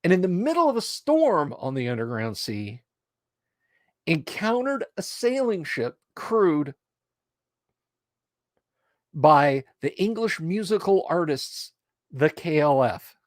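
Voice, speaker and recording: A middle-aged man hosting a casual livestream, rambling and hyping up his viewers with lively storytelling. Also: on the high side, dry recording, clean studio sound. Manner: animated, hype-building and rambling. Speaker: livestream host.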